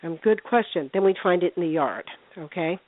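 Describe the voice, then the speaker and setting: An older woman, a paranormal investigator, telling ghost stories in a chatty, animated way during a phone interview, putting on voices for the people in them. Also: fairly low pitch, moderate pace, no echo. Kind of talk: casual phone interview storytelling. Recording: tinny phone line.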